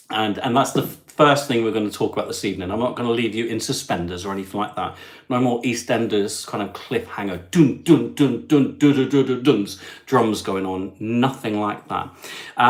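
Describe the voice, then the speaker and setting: A young English man, chatty and upbeat, hosting a casual live-stream chat as a travel vlogger and lifting his voice to greet viewers. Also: mid-range voice. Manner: chatty and upbeat, reading out viewers' places with bright lifts.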